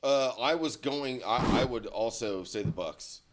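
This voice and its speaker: A man's voice: mid-range voice, a little slow, background noise. A man co-hosting a casual sports podcast, cracking dry jokes. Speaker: podcast co-host.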